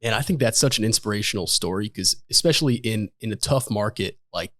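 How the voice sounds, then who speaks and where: A man's voice: lowish voice, fairly quick, bright, forceful tone, dry recording, clean studio sound. A man hosting a podcast interview, keen and full of praise for his guest. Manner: enthusiastic, hyping up the guest. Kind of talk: casual interview.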